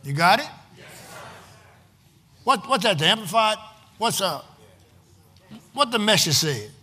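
A man preaching a sermon as pastor, calling out to his congregation and stretching out emphatic, shouted lines. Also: sits high, big pitch swings, unhurried, breathy edge. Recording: long hall reverb, faint room noise.

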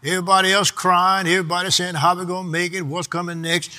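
A man's voice: high-pitched, little pitch movement, fast talker, few pauses, pushed and bright. A man preaching a sermon in a rhythmic, half-sung delivery, drawing out words for emphasis and calling for responses from his congregation.

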